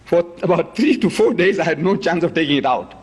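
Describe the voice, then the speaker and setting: Emphatic, high-pitched man lecturing. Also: lively intonation, brisk, breathy edge. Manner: emphatic, showing objects and repeating key words. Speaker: debate speaker. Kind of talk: public lecture to an audience.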